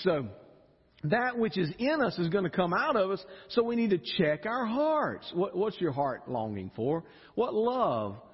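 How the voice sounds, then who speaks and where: A husky-voiced man preaches with wide swings of pitch, now rising high with feeling, now dropping low and quiet. His voice rings out through a large church with a long reverb, and the sound is dull and muffled. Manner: animated, emotional, repeats words when stirred. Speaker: pastor. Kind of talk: sermon. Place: church sanctuary.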